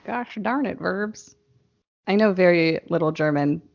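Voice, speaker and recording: A woman's voice: fairly low pitch, lively intonation, a little slow, gravelly. A woman co-hosting a podcast, chatting in a playful, jokey way. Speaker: podcast co-host. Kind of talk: casual chat. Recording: dull lo-fi sound.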